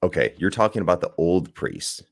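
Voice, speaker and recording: A man's voice: deep voice, very animated, a little fast, gravelly, dry recording. A man co-hosting a podcast, chatting casually and rambling through a movie review, laughing and swearing as he goes. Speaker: podcast co-host.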